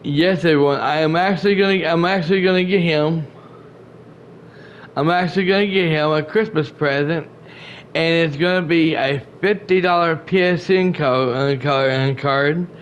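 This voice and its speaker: A man's voice: on the high side, moderate pace. Rambling man with a drawl. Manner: rambling, repeats and restarts often, retells conversations. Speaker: gaming channel host. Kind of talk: casual vlog update to viewers. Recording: dull lo-fi home recording with faint noise.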